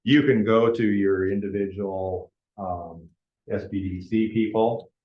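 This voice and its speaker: A man's voice: lowish voice, steady tone, unhurried. A man presenting a business planning workshop in a casual lecture style, often checking in with the group as he talks. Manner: conversational, keeps checking in with the group. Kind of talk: informal classroom lecture. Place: meeting room with a live audience. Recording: echoey lo-fi room recording.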